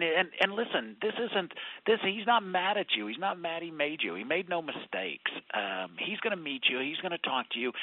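A man being interviewed as an author and guest, animated as he tells stories and acts out quotes. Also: fairly high pitch, dry recording. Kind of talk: radio interview by phone. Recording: phone line.

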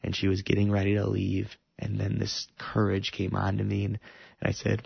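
Guy with a gravelly husky voice telling his love story, emotional and earnest, dull lo-fi sound. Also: on the low side, monotone, moderate pace, no room sound. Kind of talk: personal testimony.

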